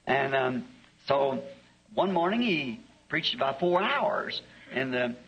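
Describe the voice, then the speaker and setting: Husky preacher on old tape. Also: male voice, medium pitch, very animated, fairly bright tone. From American South. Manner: homespun, chuckling, drawn-out anecdotes. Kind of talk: folksy storytelling sermon. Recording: dull lo-fi archive tape.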